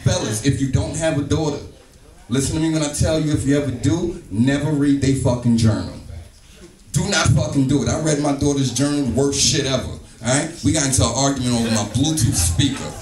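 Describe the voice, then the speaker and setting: A man's voice: mid-range voice, fairly quick. Man telling a profane stand-up story. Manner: profane, animated storytelling with acted-out quotes. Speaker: stand-up comedian. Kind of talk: stand-up comedy set. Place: comedy club stage, live audience. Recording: echoey club, distant mic, music behind.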